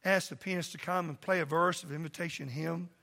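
A man who is a pastor preaching a sermon in a church, impassioned and loud at first, then soft and pleading. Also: on the high side, fairly even intonation, fairly quick, vocal fry. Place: church sanctuary.

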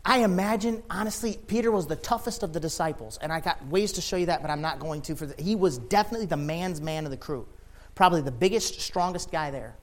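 A man preaching a sermon with passion, rising to loud shouts and dropping to quiet, low lines. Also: quick pace. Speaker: pastor.

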